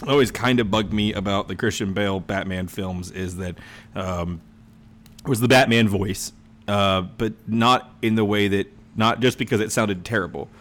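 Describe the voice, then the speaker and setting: A man in his thirties co-hosts a podcast, chatting casually in an animated, profane way and breaking into mocking impressions. His voice sits fairly low and he talks at a moderate pace.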